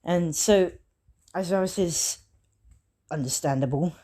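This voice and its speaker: A woman's voice: lowish voice, a little slow, dark tone. A woman improvising a fan story aloud, rambling with many fillers and self-corrections.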